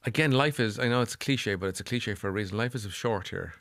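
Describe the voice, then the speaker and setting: A middle-aged Irish man appears as a psychotherapist guest in a podcast interview, speaking quickly in a fairly low voice. He is earnest and repeats phrases for emphasis, recorded in clean studio sound with no echo.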